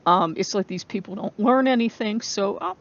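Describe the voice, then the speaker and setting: A woman speaks as a protective, mischievous male trickster god. He is blunt and indignant, with a gravelly grain and a middle pitch. The recording sounds dull and lo-fi. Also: normal speed, close to an everyday voice.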